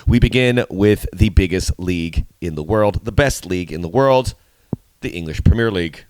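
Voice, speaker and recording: A middle-aged man hosting a soccer preview show, talking in an animated, playful way with sudden emphatic jumps. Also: low-pitched, moderate pace, clear, resonant tone, no room sound. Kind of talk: solo video commentary.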